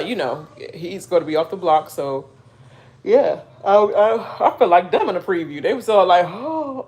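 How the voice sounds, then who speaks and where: A woman's voice: low voice, a little mellow. A woman chatting casually on a live reaction stream, rambling with lots of fillers and asides. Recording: faint background noise.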